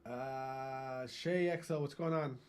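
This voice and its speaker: A man's voice: mid-range voice, steady tone, slow, a little mellow, clear, resonant tone. A man in his thirties from Wisconsin, a gaming streamer chatting casually and profanely with his live chat, greeting viewers by name. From Wisconsin, US Midwest.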